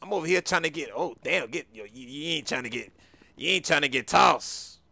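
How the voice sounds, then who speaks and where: A man bantering loudly in street slang as he role-plays a boastful character during a video game. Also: fairly high pitch, lively intonation, a little fast, gravelly, dry recording. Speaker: gamer in role-play.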